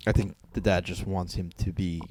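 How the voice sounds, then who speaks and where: A man's voice: sits low, fairly even intonation, normal speed, a little mellow, dry recording. A man co-hosting a casual comedy podcast, offhand and chatty.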